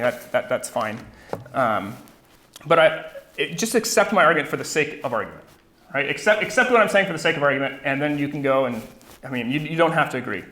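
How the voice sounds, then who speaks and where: A man's voice: medium pitch, a bit bright. A man in his thirties, a Bible professor, giving a conversational teaching talk at a conference, often restarting words and checking in with "right?". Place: conference room. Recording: roomy hall echo.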